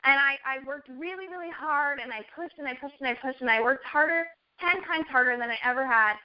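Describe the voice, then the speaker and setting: High-voiced woman telling her story earnestly. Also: a little fast. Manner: earnest storytelling, quotes herself. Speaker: network marketing guest. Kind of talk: casual chat. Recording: dull lo-fi audio.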